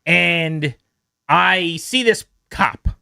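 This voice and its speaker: A man hosting a sports radio show, telling a story in a lively, animated way and acting out the quotes in it. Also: a little high, extremely slow, creaky, clear, resonant tone, dry recording, clean studio sound. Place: radio studio. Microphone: studio mic.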